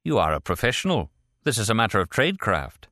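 A man's voice: lowish voice, sing-song, quick pace, bright, forceful tone, no echo. A man voicing a cool, sardonic male operative who speaks dryly and with formal irony. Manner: dry, formal and ironic.

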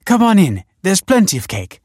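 A man voicing a gushing woman who welcomes guests warmly. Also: high voice, wildly swooping pitch, moderate pace, breathy edge, no echo, clean studio sound, pitched above the performer's own voice, full character voice. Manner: effusive, beaming.

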